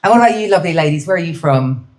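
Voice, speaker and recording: Working the crowd at a live comedy venue, this middle-aged British stand-up banters cheekily with her audience. She speaks in a low, expressive, rapid-fire voice with a slightly mellow quality.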